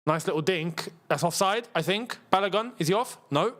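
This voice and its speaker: A man hosting a live football watchalong, chatty and rambling, with excitable bursts at the match action. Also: high-pitched, normal speed. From England. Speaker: football channel host.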